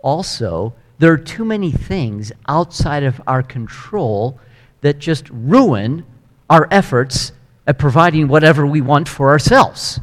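Guy preaching, storytelling, kinda high voice, big echoey hall. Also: measured pace. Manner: storytelling, animated and emphatic. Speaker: pastor. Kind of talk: sermon.

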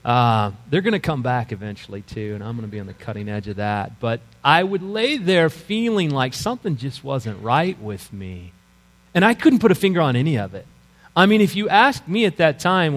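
A man's voice: sing-song, moderate pace. Man, middle-aged pastor, earnest sermon testimony, long hall reverb, faint mains hum. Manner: earnest storytelling, dropping to quiet low lines.

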